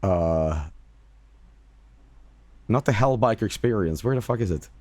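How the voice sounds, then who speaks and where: A man chats casually on his stream, emphatic and quick to repeat himself, swearing freely. His pitch moves in lively leaps. The sound is dry and close to the mic. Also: no echo. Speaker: streamer and voice actor. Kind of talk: casual livestream chat.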